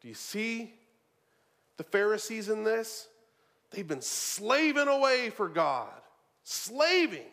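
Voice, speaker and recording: Animated preacher man with lively pitch. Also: slow, pauses often. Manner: animated, shifts from loud emphasis to low asides, repeats words. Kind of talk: sermon.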